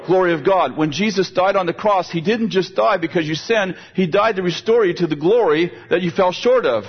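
Older male preacher, husky voice on a lo-fi recording, chatty sermon delivery with frequent repeats. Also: high-pitched, a little fast. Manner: conversational, repeats words while building a point. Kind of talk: sermon with storytelling. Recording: dull, lo-fi sound.

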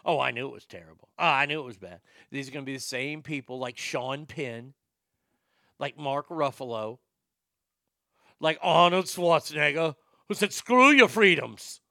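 With a bright, somewhat high, gravelly but smooth voice, an older man rants through sarcastic, profane political commentary at a moderate pace. The recording is close and dry, without any room sound.

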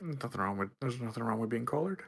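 A man co-hosting a gaming podcast, chatting casually and quickly, often laughing. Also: medium pitch, expressive, fairly bright tone. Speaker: podcast co-host.

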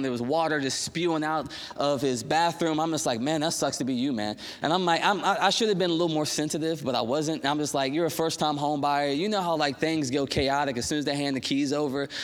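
High-voiced young man preaching in a hall. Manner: conversational, animated storytelling with quick asides. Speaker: pastor. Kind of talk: casual sermon with personal stories. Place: church.

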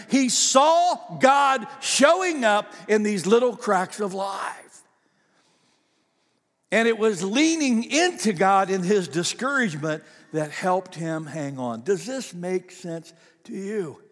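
Folksy high-voiced preacher, hall reverb. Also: male voice, fairly bright tone. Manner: folksy, conversational storytelling with frequent restarts. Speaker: pastor. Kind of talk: sermon. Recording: long reverb of a large hall.

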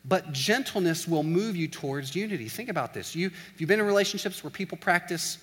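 A man with a bright, somewhat high voice gives a casual sermon as a college pastor. He talks in a loose, animated way, acting out quick everyday scenes and dropping "like" often. His voice rings with the long reverb of a large hall. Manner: animated, acts out little scenes in quoted voices, says "like" often.

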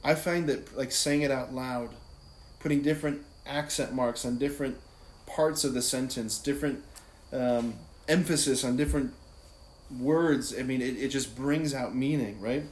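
A man's voice: medium pitch, steady tone, normal speed. A man speaking as a priest, teaching about prayer in a casual, conversational way, often adding "like" and "right?" as he goes. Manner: conversational, many "like" and "right?" asides. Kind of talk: casual spiritual teaching talk. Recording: echoey room with faint background noise.

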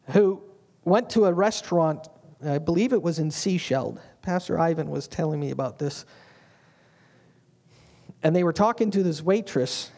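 A man's voice: high voice, a little mellow. A man preaching a sermon as a pastor, in a humorous, conversational way.

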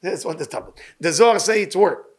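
A man giving an informal Torah lesson, earnest and animated, in broken English. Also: fairly high pitch, a little fast, husky. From Libyan Sephardic family. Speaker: rabbi teaching weekly Torah portion.

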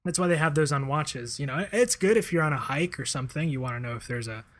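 A man co-hosting a casual podcast. His voice sits a little high for a man, and he rambles in a relaxed way, piling up fillers and chuckles as he talks. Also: quick pace. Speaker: podcast co-host. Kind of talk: casual chat.

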